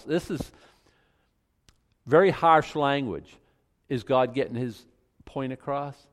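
A middle-aged male pastor preaching in a conversational way, breaking into loud emphatic outbursts. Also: medium pitch, moderate pace. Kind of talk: sermon.

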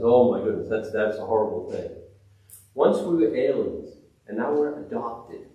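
A man preaching with restless energy, jumping from loud exclamations to quiet, reverent hushes and tripping over his own restarts. He sounds distant from the mic, and heavy echo fills the room. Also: lowish voice, expressive, normal speed. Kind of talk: sermon.

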